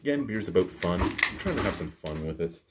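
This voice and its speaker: A man's voice: low voice, expressive, fast, heavy background noise. A man casually reviewing a beer to camera at home, joking and rambling in a self-deprecating way. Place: home basement.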